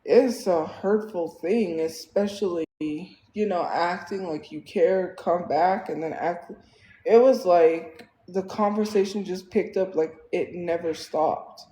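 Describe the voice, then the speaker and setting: A woman's voice: lowish voice, takes it slowly, dark tone, reverberant, low-quality recording. A woman livestreaming, venting in a casual, exasperated way with lots of fillers.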